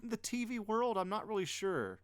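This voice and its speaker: A man's voice: high voice, moderate pace, clean tone, dry recording. Male podcast host, laid-back, filler-heavy, dry close recording. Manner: relaxed, hesitant, uses many fillers. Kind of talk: casual interview chat.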